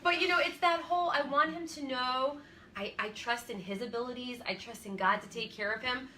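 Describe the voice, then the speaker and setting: A woman's voice: sits high, steady tone, fairly quick, sharp tone, slight background noise. A woman in her forties co-hosting a faith-based parenting chat, telling stories earnestly and laughing easily. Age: 40s. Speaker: co-host.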